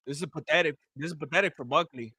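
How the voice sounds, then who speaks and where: A man's voice: on the high side, fast talker, pushed and bright, husky, no room sound. A man giving casual, joking play-by-play of a live fight, rambling and repeating himself. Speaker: fight commentator. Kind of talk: casual live fight watch-along commentary.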